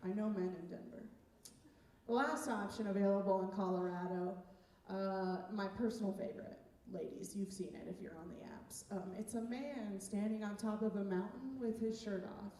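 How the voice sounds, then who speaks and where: A woman's voice: mid-range voice, moderate pace, warm tone. A woman doing a stand-up set on a comedy club stage, chatty and self-mocking, laughing at her own jokes. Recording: echoey room, far from the mic, noisy.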